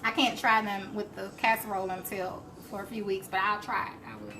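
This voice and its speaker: A woman's voice: medium pitch, flat delivery, a little fast. A woman hosting a live cooking stream, chatting and laughing as she answers viewer comments. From Alabama, US. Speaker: cooking show host. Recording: faint background noise.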